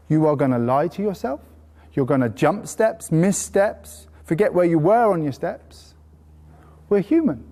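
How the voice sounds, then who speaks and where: High-voiced man teaching in a reverberant hall. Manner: lively and anecdotal, with playful put-on praise voices. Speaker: horse trainer teaching a course. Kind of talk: live workshop talk to a group. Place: indoor training venue with a horse brought in.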